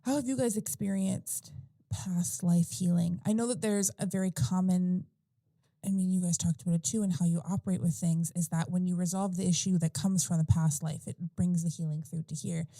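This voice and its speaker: Woman chatting on a podcast, warm mellow voice, dry close sound, keeps saying like and restarting. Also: on the low side, fairly even intonation, normal speed, gravelly, no room sound. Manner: rambling storytelling with many fillers and restarts. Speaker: podcast guest or host. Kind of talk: casual podcast conversation.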